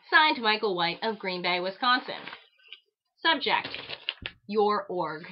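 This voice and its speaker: A woman's voice: medium pitch, expressive, slow pace, pauses often. A woman hosting a show who reads hate mail aloud with a theatrical, mocking, exaggerated delivery. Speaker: host reading letters aloud. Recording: dull lo-fi recording.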